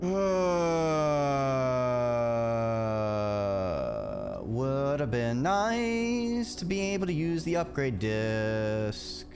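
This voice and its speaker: A man's voice: medium pitch, big pitch swings, extremely slow, pauses often, soft background music. A man streaming a video game, chatting his way through it and now and then breaking into exasperated outbursts. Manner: chatty, reacts aloud with sudden exasperated outbursts. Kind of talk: live gameplay commentary.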